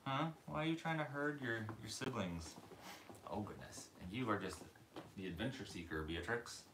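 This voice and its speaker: A man's voice: expressive, normal speed, background noise. A man hosting a casual livestream from his living room, cooing and baby-talking to puppies and greeting viewers by name in a loose, rambling way. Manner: coos and baby-talks to puppies, jumping into a high voice. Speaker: dog breeder hosting a livestream. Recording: roomy echoey room.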